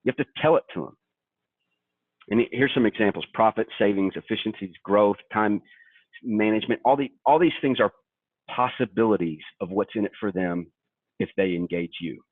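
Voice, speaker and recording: A man's voice: fairly low pitch, moderate pace, no room sound. A younger man from Kentucky coaching brokers in a sales webinar, talking emphatically. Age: young adult. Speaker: webinar co-host and sales trainer. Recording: tinny dry phone line.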